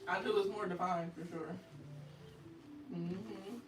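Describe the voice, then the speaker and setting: A woman's voice: fairly low pitch, fairly even intonation, slow, echoey room, distant mic, background noise. A woman in the room joining a casual chat with short, agreeing replies.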